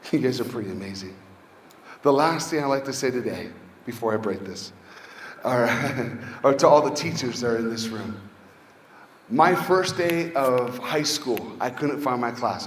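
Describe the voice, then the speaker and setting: A man's voice: medium pitch, slight background noise. A male motivational speaker giving an inspirational speech to a school audience, telling personal stories and asking rhetorical questions. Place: large hall with an audience. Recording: long hall reverb, faint ambience.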